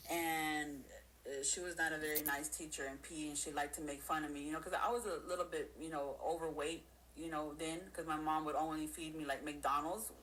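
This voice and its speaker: A woman's voice: low voice, flat delivery, brisk, fairly bright tone, slight background noise, rough recording. A woman giving motivational advice in a folksy, streetwise way, often acting out the people she talks about. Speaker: guest speaker. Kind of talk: motivational talk on a live stream.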